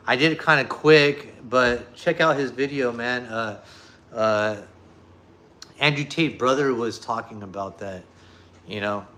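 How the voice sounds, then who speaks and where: A man with a bright, forceful voice chats casually with his viewers. He rambles through a story, swearing often and stumbling over filler words. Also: mid-range voice, a little hiss or hum. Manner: profane, rambling, full of fillers. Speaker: streamer talking to viewers. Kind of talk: casual chat and joke telling.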